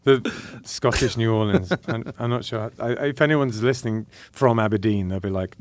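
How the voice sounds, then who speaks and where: A male podcast host in a studio, telling anecdotes animatedly, with quick stammered restarts. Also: medium pitch. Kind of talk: casual podcast chat. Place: radio studio.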